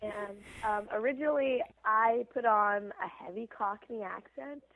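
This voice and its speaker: A woman's voice: a little high, measured pace, fairly bright tone, dry recording. A young woman, an actress, chatting in a casual podcast interview, rambling with lots of fillers. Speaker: actress guest. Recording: tinny phone line.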